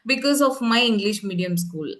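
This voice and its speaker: A woman's voice: medium pitch, expressive, moderate pace, a bit bright. A woman from Tamil Nadu, a schoolteacher working abroad, earnestly telling her story in a casual interview and addressing the host as ma'am. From Tamil Nadu, India.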